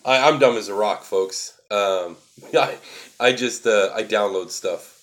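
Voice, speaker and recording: Low-voiced man explaining earnestly. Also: a little slow, a bit bright. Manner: earnest, repetitive, emphatic explaining. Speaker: spiritual livestream host. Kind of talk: casual livestream talk answering viewer chat.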